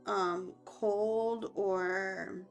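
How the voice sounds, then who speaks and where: A woman reading tarot cards aloud as a life coach, talking in a hesitant, halting way with many fillers and restarts. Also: mid-range voice, fairly even intonation, faint music behind.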